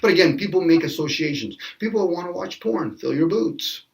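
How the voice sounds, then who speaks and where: A man with a slightly high voice and some vocal fry speaks fairly quickly and animatedly as a guest in a casual, speculative panel discussion. He acts out little quoted exchanges and laughs often. He sounds distant from the mic.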